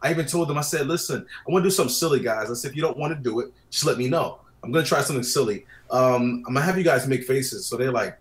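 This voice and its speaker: Man, casual chat, storytelling, acts out quotes, mid pitch, roomy sound. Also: fast, hardly any pauses. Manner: chatty storyteller, acts out clients' lines. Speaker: wedding photographer guest. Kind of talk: casual talk about photo technique. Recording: roomy echo.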